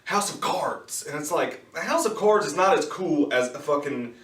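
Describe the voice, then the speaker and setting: A man tears through a casual movie review, cursing freely and throwing in quick mocking impressions. His voice sits a bit high and leaps up and down with every point he makes. The sound is roomy and echoey, with the mic set back from him. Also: far from the mic. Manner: profane, animated ranting with impressions. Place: in his car. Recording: echoey room, voice somewhat off-mic.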